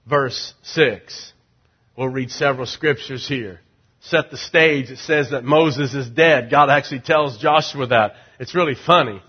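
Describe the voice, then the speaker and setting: A middle-aged man preaching as pastor, urging the crowd to repeat lines and swinging from loud rising calls to low, confiding asides. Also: breathy edge. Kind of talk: sermon.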